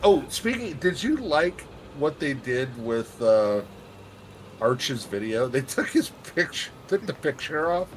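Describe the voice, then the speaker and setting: A man's voice: fairly high pitch, sing-song, unhurried, a little hiss or hum. A man joking crudely with friends during a game, teasing and laughing as he talks. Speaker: co-player in a gaming stream. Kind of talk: casual gaming chat.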